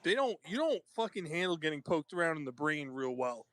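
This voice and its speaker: A man's voice: fairly high pitch, big pitch swings, brisk, a bit bright. A man chatting casually on a stream, talking loosely and swearing. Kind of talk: casual chat.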